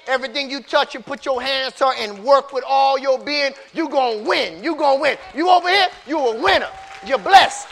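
A man preaching a sermon in casual, repetitive speech that swings from quiet storytelling to shouting. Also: very high-pitched, moderate pace, hardly any pauses. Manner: repetitive, casual street talk.

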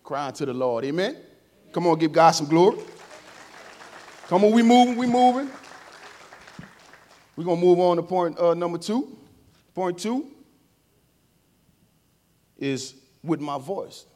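A man preaching a sermon in a church service. He talks informally and emotionally, swinging from quiet and tender to loud calls to the congregation, with playful asides. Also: fairly high pitch, measured pace, pauses often, a faint crowd.

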